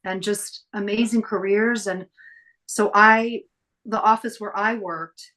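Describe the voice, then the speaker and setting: A middle-aged woman telling stories as a podcast guest, chatty and lively as she acts out the people she quotes. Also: mid-range voice, takes it slowly. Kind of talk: casual storytelling interview.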